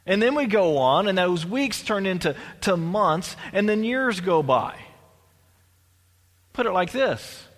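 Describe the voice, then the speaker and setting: Male pastor, conversational sermon with restarts and asides, high pitch, echoing church hall. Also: sing-song, unhurried.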